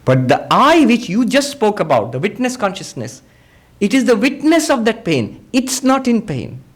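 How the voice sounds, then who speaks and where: A monk teaching a spiritual discourse, patiently explaining ideas through everyday examples and quoted dialogue. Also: male voice, high-pitched, big pitch swings, normal speed, slightly rough. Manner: acts out quoted speakers in dialogue.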